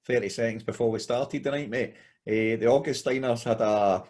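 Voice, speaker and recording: A man's voice: mid-range voice, moderate pace, a little mellow. A Glaswegian man talks through a beer tasting at an easy, conversational pace. He is laid-back and friendly in manner, using "mate" and "aye" constantly. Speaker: podcast co-host. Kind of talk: casual beer review chat.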